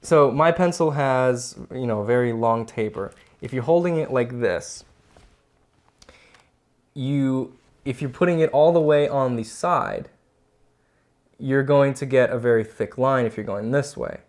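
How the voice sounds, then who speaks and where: In a relaxed teaching chat, a drawing instructor co-host walks through the steps as he demonstrates, speaking at a measured pace. His mid-range voice has a somewhat dark tone.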